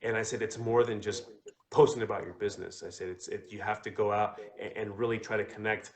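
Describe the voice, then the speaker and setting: A man's voice: on the low side, steady tone, fast talker, gravelly. A man co-hosting a casual business chat, talking in a rambling way with many restarts. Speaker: co-host.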